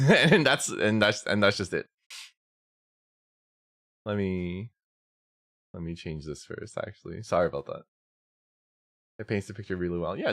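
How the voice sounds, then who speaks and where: Animated young man with a lively voice. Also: lowish voice, no room sound, studio quality. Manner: animated storytelling, swearing, frequent laughs and restarts. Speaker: VTuber streamer. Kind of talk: casual chat stream.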